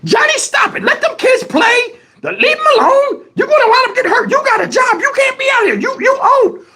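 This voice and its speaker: Man as older grandma, shrill, scolding, nagging, very high-pitched. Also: lively intonation, brisk, sharp tone, full character voice.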